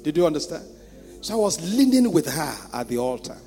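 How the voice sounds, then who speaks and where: A man with a Nigerian accent preaching a sermon as pastor, asking the congregation rhetorical questions and swinging between hushed storytelling and loud shouting. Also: fairly high pitch, very animated, fairly quick. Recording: reverberant church hall with music.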